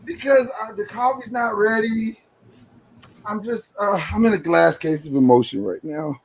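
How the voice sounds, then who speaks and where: A man's voice: high-pitched, normal speed, rough recording. A tired man co-hosting a podcast, ranting and joking in casual chat. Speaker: podcast co-host.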